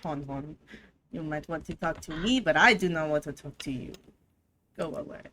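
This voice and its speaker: A woman voicing a haughty female cat with a gravelly, put-on French voice, talking in a clipped, disdainful way. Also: sits low, normal speed, a bit bright, a little hiss or hum, pitched below the performer's own voice.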